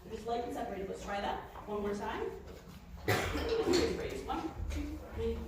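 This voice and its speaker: High-pitched woman running band practice, sings bits out, sounds far off in a big echoey room. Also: moderate pace, very noisy. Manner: lively, sings out phrases to demonstrate. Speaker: band conductor. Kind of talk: rehearsal instruction. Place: large rehearsal room.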